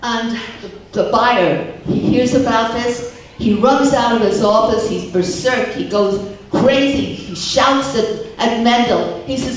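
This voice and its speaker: Recorded at a distance in an echoey hall, a slightly high-voiced older woman does stage joke-telling at a talent show on a large theater stage. She spins slow, chatty stories laced with Yiddish words, and there's slight background noise.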